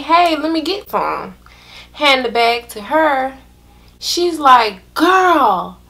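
A young woman, telling a storytime to her viewers in an animated, drawn-out way. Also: medium pitch. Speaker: vlogger. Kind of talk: casual storytime chat.

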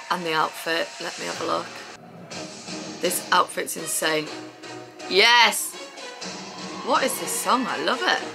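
A woman giving an excited, casual reaction commentary as a dance vlogger, gushing, gasping and exclaiming as she watches. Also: fairly low pitch, gravelly. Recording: music playing loudly behind her.

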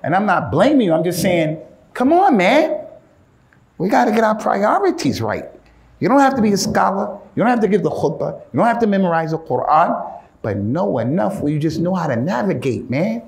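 Animated slangy male preacher. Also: high-pitched, a little fast, vocal fry, reverberant. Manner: animated, street-slang, keeps addressing listeners as "man". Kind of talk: informal sermon.

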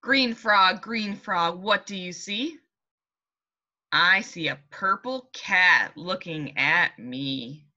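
A young woman teacher reading a picture book aloud and leading a morning meeting for young children in a slow, sing-song, encouraging way, recorded at home. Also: fairly low pitch, expressive, lo-fi sound. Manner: sing-song, warm and encouraging, speaking slowly and clearly to small children.

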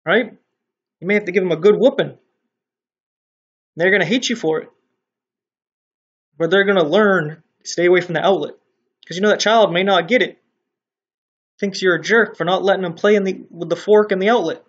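Guy preaching to the camera, kinda husky and a bit high, blunt and swears some, gets loud when he's on a roll. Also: brisk, long pauses. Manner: blunt, informal, with mild swearing; grows louder and more animated when making a point. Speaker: online Christian commentator. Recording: dull lo-fi sound.

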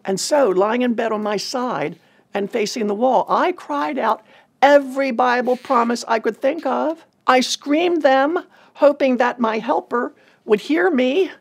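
Woman, ministry leader, gravelly husky tone, earnest and measured testimony talk. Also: a little high. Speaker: ministry leader telling a personal story.

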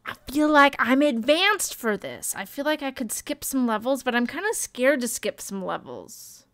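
A young woman streaming, chatting casually and joking at her own expense while she thinks out loud. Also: high-pitched, lively intonation, normal speed, dry recording. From Canada. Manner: chatty and self-mocking, thinking aloud. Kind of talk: casual live-stream chat.

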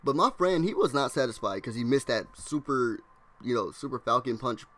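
A man's voice: mid-range voice, animated, fairly bright tone. Young man rambling through a slangy storytime. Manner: acts out classmates' lines in quick impressions. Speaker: vlogger telling a story. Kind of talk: casual storytime narration.

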